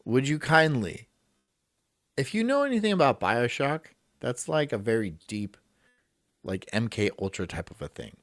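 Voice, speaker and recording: A man's voice: mid-range voice, big pitch swings, moderate pace, no echo, clean studio sound, faint music behind. A man hosting a live stream, rambling crudely, swearing and reading chat aloud while drinking shots.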